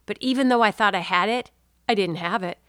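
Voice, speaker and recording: A woman in her forties hosting a podcast, chatting warmly and inspirationally, calling the listener dear. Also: mid-range voice, a little fast, smooth, no room sound, studio quality. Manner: warm-hearted, chatty, addresses listener as dear. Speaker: podcast host. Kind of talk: casual inspirational monologue.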